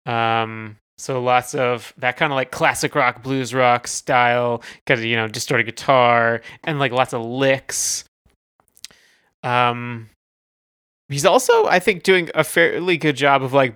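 A man's voice: mid-range voice, a little slow, sharp tone, clear, resonant tone, no room sound, studio quality. A man co-hosting a music review podcast, talking casually and searching for words as he goes. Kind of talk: casual chat.

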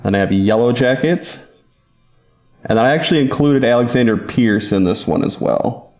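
A man's voice: mid-range voice, moderate pace, a little mellow, highs cut off. A man co-hosting a casual chat, listing his picks in a matter-of-fact way. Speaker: podcast co-host.

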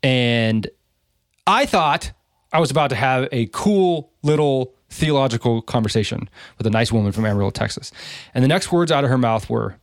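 A man co-hosting a podcast, telling a story in a casual, animated way, swearing and acting out quoted voices. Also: mid-range voice, normal speed, no room sound, clean studio sound. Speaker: podcast co-host.

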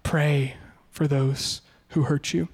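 A male pastor preaching a sermon in an animated way, often slipping into quoted voices. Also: a little high, slow, big-room sound.

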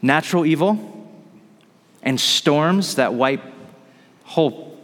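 A man preaching a sermon, retelling a scripture story in animated fashion and acting out the characters' lines. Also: on the high side, slow, long reverb tail. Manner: animated storytelling, acts out dialogue. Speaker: pastor.

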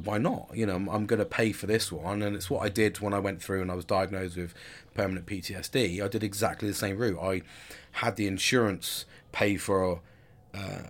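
A man in his forties talking candidly in a rambling personal monologue, with frequent restarts and casual swearing. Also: on the low side. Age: 40s.

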